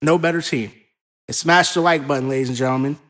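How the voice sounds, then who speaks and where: A man co-hosting a casual podcast, talking in an animated, profane, rambling way. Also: a little high, fast. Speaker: co-host.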